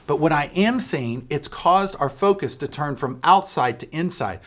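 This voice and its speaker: A man's voice: on the high side, expressive, normal speed, fairly bright tone. Guy pastor preaching in church, earnest, says stuff twice for emphasis. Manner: earnest, repeats key phrases for emphasis. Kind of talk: sermon.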